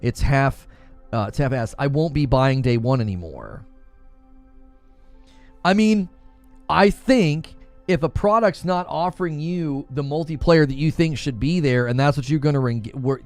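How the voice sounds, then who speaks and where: Guy streaming gaming news, mid-pitch voice, chatty and animated, faint music behind. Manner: animated, talks straight to chat. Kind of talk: casual live stream chat.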